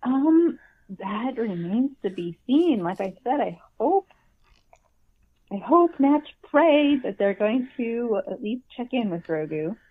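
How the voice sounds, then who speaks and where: A woman's voice: a little high, very animated, slow pace. A woman guest in a casual podcast chat, rambling with a wry, self-deprecating manner over a phone call. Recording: tinny dry phone line.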